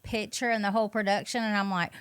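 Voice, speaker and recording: A woman's voice: medium pitch, fairly even intonation, fast talker, clean tone. A woman with a Southern accent, co-hosting a podcast and chatting with enthusiasm. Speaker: podcast co-host. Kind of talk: casual chat.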